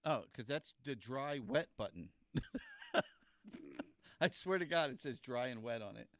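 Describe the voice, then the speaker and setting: A man's voice: mid-range voice, animated, moderate pace, no echo, studio quality. A man hosting a podcast in casual chat, bewildered and stammering as he tries out buttons. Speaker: podcast host.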